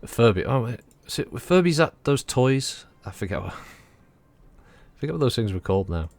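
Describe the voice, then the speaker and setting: Sweary, lively game-streaming man. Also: medium pitch, moderate pace, vocal fry, no echo. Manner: sweary, joking, chatty to his viewers. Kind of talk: casual gameplay commentary.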